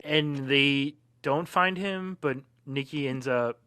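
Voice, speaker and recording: A man co-hosting a podcast, chatting casually about a film and chiming in eagerly, with halting fillers. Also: fairly high pitch, bright, forceful tone, smooth, dry recording, clean studio sound. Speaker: podcast co-host.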